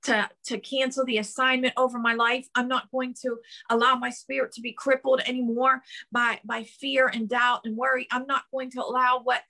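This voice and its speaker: A woman's voice: a little high, creaky, pushed and bright. A middle-aged woman preaching a sermon in fervent, repeated declarations, often restarting her phrases. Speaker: prophetess preaching.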